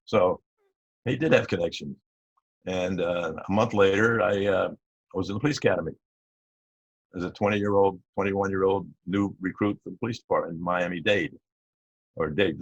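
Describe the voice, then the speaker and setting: Halting older man, deep husky voice. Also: no room sound. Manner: rambling, halting, with many fillers and restarts. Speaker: interview guest, retired police captain. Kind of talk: casual storytelling interview. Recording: dull lo-fi audio.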